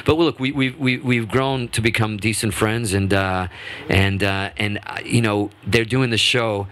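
Deep-voiced man telling animated stories. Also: a little slow. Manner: animated, restarts often, acts out quotes. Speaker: guest musician. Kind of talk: casual interview storytelling. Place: radio studio.

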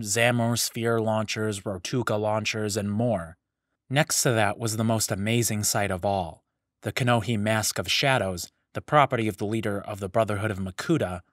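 Brief: male narrator, lowish voice, steady audiobook read, dead-dry close mic. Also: dry recording.

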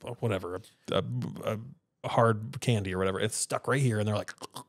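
A man's voice: fairly low pitch, a little fast, dry recording, clean studio sound. A father co-hosting a podcast in casual chat, rambling through stories and acting out what people said. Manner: rambling storyteller who acts out quotes in other voices.

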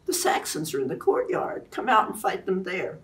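A woman reading aloud and voicing a brave young queen who pleads softly. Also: medium pitch, wildly swooping pitch, normal speed, recorded from a distance, pitched above the performer's own voice. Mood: pleading. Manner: pleading, soft.

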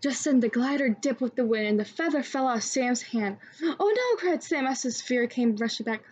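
A young woman reading a children's book aloud in a steady storytelling manner. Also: fairly high pitch, a little fast, husky. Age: young adult. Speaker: student volunteer reader. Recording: dull lo-fi recording.

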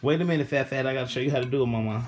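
Against background noise, a medium-pitched man talks rapid-fire as he vlogs from his home kitchen. He casually guides viewers through a cooking session, patiently coaxing children step by step and calling out directions.

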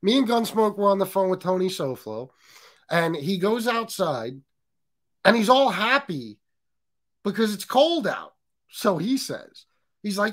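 This man hosts a relaxed livestream, cracking jokes, cursing, and reading out what viewers write in. His voice is high with big swings in pitch, and he speaks at a measured pace with a US Northeast accent.

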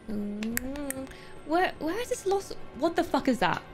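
A high-voiced woman gives live let's-play commentary, her pitch swinging wildly as she reacts. She is excitable, swears and laughs a lot, and talks to her chat in an unhurried way. Game music plays clearly behind her. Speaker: gaming streamer.

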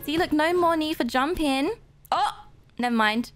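A woman narrating her own gameplay in an animated way, gasping and squealing at surprises. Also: sits high, moderate pace. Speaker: gaming video creator. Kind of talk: playing an obby game and narrating. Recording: faint background game music.

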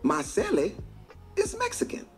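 A man performing stand-up storytelling, animated, acting out the people in his stories. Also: high voice, unhurried, faint music behind. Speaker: stand-up comedian.

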